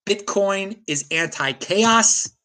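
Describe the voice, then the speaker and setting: A man's voice: sits high, slow, pushed and bright, a little hiss or hum. A man hosting a livestream, ranting heatedly and often restarting his sentences as he reacts to viewer chat. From United States. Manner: heated, combative, with frequent stammered restarts. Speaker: host.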